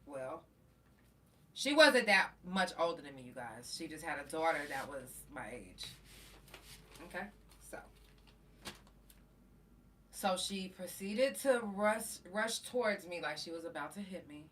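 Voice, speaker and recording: A woman podcast host telling a story in a profane, animated way and acting out the quotes. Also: on the low side, unhurried, long pauses, recorded from a distance. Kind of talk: casual storytelling.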